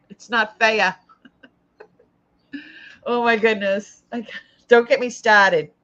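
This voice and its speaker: A woman's voice: on the high side, steady tone, slow, fairly bright tone, dull audio. A woman with an old Boston accent hosting a live jewelry sale, chatting casually and thinking aloud as she looks over each piece. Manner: chatty, thinking aloud while handling items. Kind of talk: casual live-stream chat.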